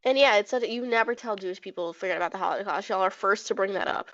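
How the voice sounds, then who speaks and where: A woman co-hosting a podcast in casual chat, talking quickly and animatedly with frequent fillers. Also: mid-range voice, fairly bright tone. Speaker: podcast co-host. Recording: dull dry lo-fi sound.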